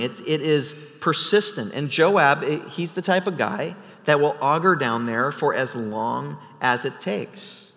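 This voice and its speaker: A man's voice: mid-range voice, a bit bright, big-room sound. A man preaching an expository sermon in a conversational, vivid storytelling way, with many restarts. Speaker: pastor.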